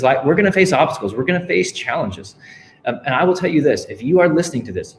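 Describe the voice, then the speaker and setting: An author and speaker gives an upbeat motivational talk, his voice at a middle pitch for a man. He tells stories with drive and acts out the lines of the people in them, and a faint hiss sits under the recording. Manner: energetic storytelling, acting out quotes.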